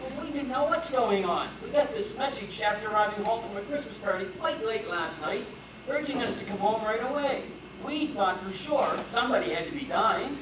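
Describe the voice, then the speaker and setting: A man playing a pompous young gentleman from a proud family, speaking in a huffy, self-important way on stage. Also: high voice, expressive, fairly quick, noisy background. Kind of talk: amateur stage acting. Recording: distant stage voice in echoey hall.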